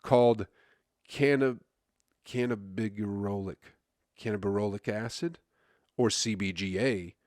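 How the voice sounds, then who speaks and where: A man's voice: on the low side, measured pace, long pauses, a little mellow, dry recording, studio quality. A male comedian hosting his own podcast, rambling in a crude, self-mocking casual monologue full of fillers and stumbles. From USA.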